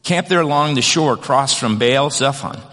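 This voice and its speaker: Speaking at medium pitch and normal speed, this pastor has a fairly bright tone that carries through a large hall. His sermon is conversational, full of restarts and "kind of," and he reads passages of scripture aloud.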